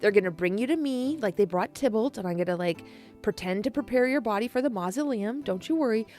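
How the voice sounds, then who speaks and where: A woman's voice: fairly high pitch, animated, fast talker, darkish tone, faint music behind, natural voice. A woman voicing a kindly, scheming middle-aged male friar who talks in a reassuring, conspiratorial way.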